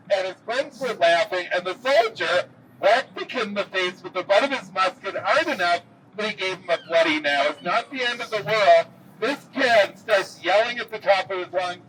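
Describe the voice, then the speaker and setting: A man giving a historical walking tour, telling the story with lively pacing and dry jokes. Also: sits high, moderate pace. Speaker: tour guide. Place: outdoors in a city square. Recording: distant camera mic, faint street noise.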